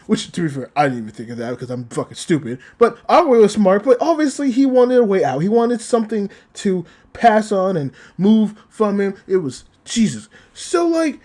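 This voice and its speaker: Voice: mid-range voice, sing-song, moderate pace, darkish tone. A VTuber reviewing an anime episode in a casual, emotional way, swearing often and close to crying. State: choked up, near crying.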